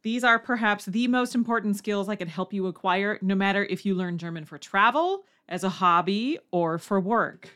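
A woman hosting a language-learning podcast, reading a scripted lesson and acting out learners' questions in a higher voice. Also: normal speed, hardly any pauses, a bit bright. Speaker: language teacher and podcast host.

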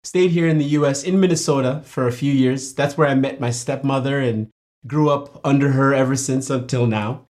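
A middle-aged man from Nigeria, a guest in a casual interview, talking in an animated storytelling way and laughing often. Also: medium pitch, moderate pace.

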